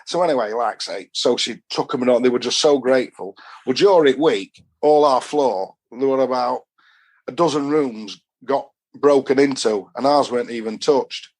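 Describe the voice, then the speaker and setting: A man's voice: mid-range voice, moderate pace, darkish tone. Chatty Yorkshire man telling yarns. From England. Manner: rambling storyteller, chatty and broad. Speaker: guest, football fan. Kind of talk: casual anecdotal chat.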